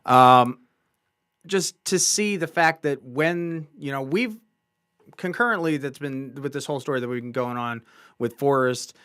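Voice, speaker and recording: A man co-hosting a comic book review podcast, talking in an animated, enthusiastic, casual way. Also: medium pitch, a little slow, clean tone, no room sound, clean studio sound.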